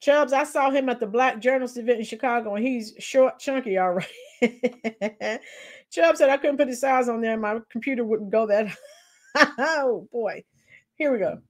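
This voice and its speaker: A woman talking casually on a live stream, her voice a little high for a woman. She reacts to clips with sarcasm and mockery and keeps calling out to her chat. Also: moderate pace, long pauses. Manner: sarcastic, mocking, chatty with viewers.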